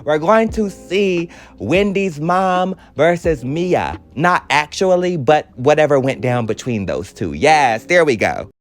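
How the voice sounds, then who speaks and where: A man's voice: on the high side, lively intonation, takes it slowly, hardly any pauses. A man hosting a casual reality TV recap, sassy and profane, laughing at himself and a bit out of breath. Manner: sassy, scattered, cusses freely, laughs often.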